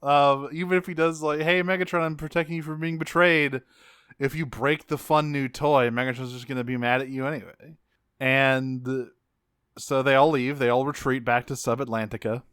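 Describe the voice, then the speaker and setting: A man co-hosting a podcast, casually recapping a cartoon episode, animated, swearing and acting out quotes in jokey voices. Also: medium pitch, normal speed, clear, resonant tone, no echo, clean studio sound. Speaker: podcast co-host.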